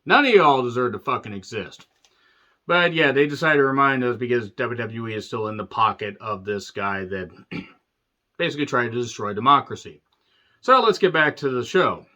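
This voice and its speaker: A man's voice: medium pitch, normal speed, bright, forceful tone, dull audio. A man recapping a wrestling show in a sarcastic, profane rant. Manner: sarcastic, ranting, swears freely. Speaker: wrestling reviewer.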